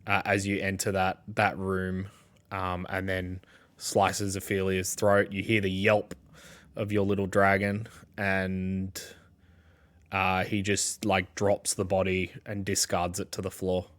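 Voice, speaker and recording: A man with an Australian accent narrating as game master, slow and full of fillers. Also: low voice, monotone, fairly bright tone. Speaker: dungeon master.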